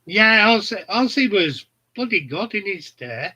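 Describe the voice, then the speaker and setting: Middle-aged man, blunt rambling casual chat, slow unhurried delivery, sharp bright tone. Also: high voice, very animated, slightly rough, rough recording. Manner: rambling, blunt, laughs at his own stories. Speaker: channel host.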